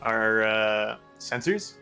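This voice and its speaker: A man's voice: on the low side, lively intonation, very slow, vocal fry, pushed and bright, soft background music. A man casually recapping a tabletop game session for his group, rambling with many fillers. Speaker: player recapping the last session.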